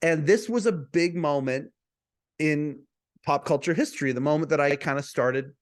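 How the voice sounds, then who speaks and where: On a podcast, a male host with a voice on the high side tells a personal story to camera at a moderate pace. He's chatty, often repeating words and restarting.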